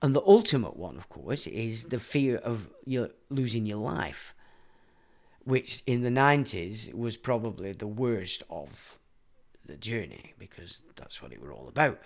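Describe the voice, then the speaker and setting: A man's voice: lowish voice, sing-song, measured pace, creaky. A middle-aged man, hosting a livestream and ranting in a blunt, profane, rambling monologue. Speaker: livestream host.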